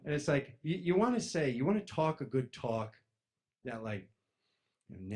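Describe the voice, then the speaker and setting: A man's voice: a little high, normal speed. A man giving a casual spiritual talk to an audience, telling stories and acting out other people's voices. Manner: animated, acts out voices in stories, addresses crowd as "you guys". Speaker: spiritual speaker.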